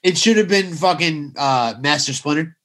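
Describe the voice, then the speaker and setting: A man's voice: fairly high pitch, moderate pace, fairly bright tone. A man chatting over a video call on a podcast, laughing often and chiming in with short remarks. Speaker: podcast guest. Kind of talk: casual chat.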